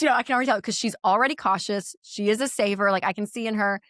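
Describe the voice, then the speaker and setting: A woman in her thirties talks as an interview guest, chatty and quick to laugh as she tells stories. Her voice sits at a middle pitch. The sound is dry and close, with no room around it. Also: a bit bright, dry recording. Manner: chatty storyteller, laughs easily. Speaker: podcast guest. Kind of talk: candid conversational interview.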